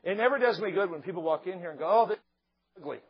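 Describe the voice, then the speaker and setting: A middle-aged male pastor preaching a sermon, animated and joking, acting out quotes along the way. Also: sits high, very fast, slightly rough. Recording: slightly dull lo-fi sound.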